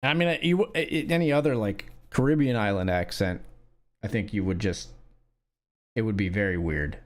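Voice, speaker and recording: A man streaming his online poker session, narrating the hands as they come. He talks loosely and wryly, thinking out loud and throwing in curses. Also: lowish voice, moderate pace. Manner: profane, wry, thinking aloud. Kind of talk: casual live-stream commentary.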